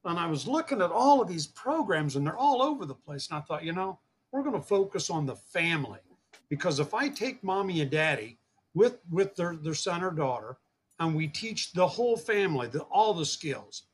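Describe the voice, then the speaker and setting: A man with a slightly high, sing-song voice speaks at normal speed over a faint hiss or hum. As a guest and founder of a fishing program, he tells a long personal story earnestly in an interview, repeating words and acting out the dialogue he quotes.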